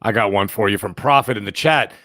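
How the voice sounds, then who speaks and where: A man's voice: on the low side, fairly quick, a bit bright, no echo, studio quality. A man hosting a podcast, casually reading viewer chat messages aloud.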